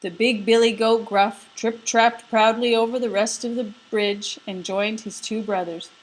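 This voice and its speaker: A woman narrating a folk tale in an expressive storybook reading. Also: on the high side, a little slow, low-quality recording.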